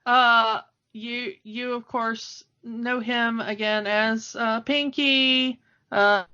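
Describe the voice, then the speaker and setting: A woman's voice: on the high side, little pitch movement, extremely slow, pushed and bright, clean tone. Chatty woman podcast co-host, lo-fi. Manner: chatty, laughing often, many fillers. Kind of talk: casual chat. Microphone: home microphone, remote call. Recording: dull lo-fi audio.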